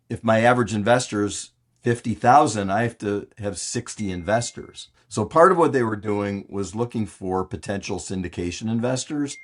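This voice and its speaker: Animated older male storyteller. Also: on the low side. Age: 60s. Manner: animated storyteller acting out quotes. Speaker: podcast guest, real estate investor. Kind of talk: casual interview storytelling.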